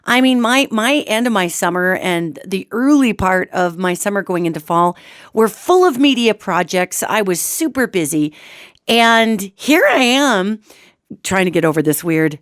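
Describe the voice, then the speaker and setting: Middle-aged woman host with a hoarse, cold-roughened voice. Chatty and animated, mid-pitched, recorded dry. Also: unhurried, no room sound. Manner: chatty and animated, addresses listeners as "gang". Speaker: radio show host. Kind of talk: solo talk-show monologue on metaphysics.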